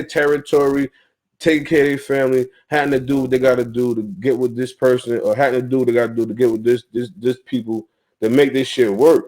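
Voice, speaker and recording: Poor audio carries the mid-range, mellow voice of a young man on a talk show panel. In this casual but heated chat, he rants profanely, repeats phrases, fires off rhetorical questions and leans on "you feel me" fillers.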